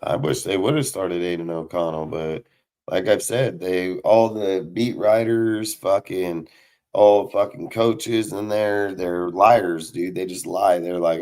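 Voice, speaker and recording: A man's voice: low voice, steady tone, slow, a little mellow. A man hosting a casual sports talk show, ranting heatedly and swearing constantly. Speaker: podcast host.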